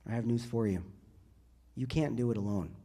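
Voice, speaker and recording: A man preaches to young people in a church, speaking as their priest. His voice sits at an ordinary middle pitch, and he builds his points through repeated phrases that grow louder and higher. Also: moderate pace. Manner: builds to loud, rising emphasis in repeated phrases. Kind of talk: sermon to a youth group.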